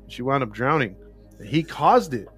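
A man's voice: medium pitch, big pitch swings, moderate pace, a bit bright, slightly rough, faint music behind. A man co-hosting a casual podcast, retelling a story with lots of fillers and animation. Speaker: podcast co-host. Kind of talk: casual chat.

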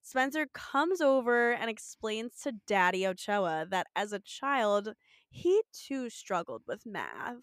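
A woman's voice: mid-range voice, takes it slowly, no room sound, studio quality. A young woman co-hosting a podcast, casually recapping a TV episode, laughing often and acting out the characters' lines. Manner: animated, laughs often, acts out quotes. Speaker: podcast co-host.

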